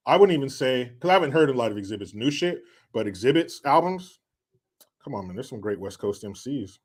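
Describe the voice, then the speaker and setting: A man hosting a casual livestream, rambling and swearing as he answers comments. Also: mid-range voice. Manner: profane, rambling, laughs at own jokes. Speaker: livestream host.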